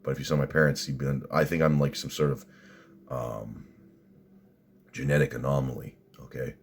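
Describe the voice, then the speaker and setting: A man's voice: rumbling low, level tone, moderate pace, creaky, slight background noise. A man doing a casual video reaction, blunt and crude, rambling with fillers.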